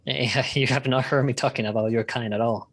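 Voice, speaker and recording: A woman putting on a very low, gruff voice for a character in a tabletop game. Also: steady tone, brisk, exaggerated voice.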